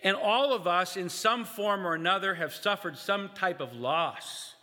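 A man preaching a sermon, speaking in measured phrases with pauses and rhetorical questions to his congregation. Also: sits high, sharp tone. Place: church sanctuary. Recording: echoey church hall with long reverb.

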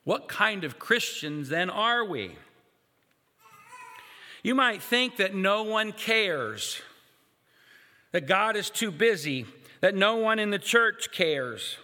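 A man delivers a sermon in a slow, deliberate cadence, his fairly high, bright voice carrying through a church. Long reverb trails each pause as he poses questions to the congregation. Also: big pitch swings. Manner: slow, measured, guided pauses with rhetorical questions. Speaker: preacher. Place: church sanctuary.

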